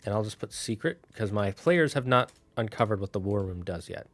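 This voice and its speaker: A man thinking aloud on a casual solo stream, building out a fantasy town with halting, restarting speech. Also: on the low side, expressive.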